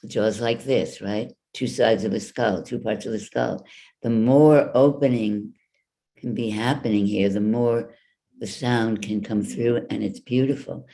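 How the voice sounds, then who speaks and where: Slow, deliberate woman voice coach. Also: very deep voice, steady tone, dark tone. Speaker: voice and wellness coach. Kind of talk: online workshop talk. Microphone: video call.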